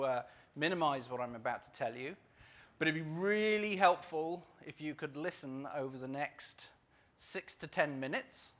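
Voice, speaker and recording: Wry, higher-voiced man leading a workshop. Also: fairly bright tone. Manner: wry and self-deprecating, with emphatic repetitions. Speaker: workshop facilitator. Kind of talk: presentation to a live audience. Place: conference session room.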